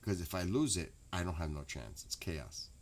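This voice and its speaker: A man's voice: deep voice, expressive, moderate pace. A man, chatting casually and profanely to his late-night stream audience. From New York. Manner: rambling, profane, laughs loudly.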